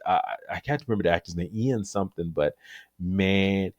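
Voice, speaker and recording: A man's voice: low voice, normal speed, no echo, dull audio. A man co-hosting a podcast, telling stories animatedly and laughing often as he chats about movies. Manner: animated storyteller, acts out quotes, laughs often. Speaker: podcast co-host. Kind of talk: casual chat about movies.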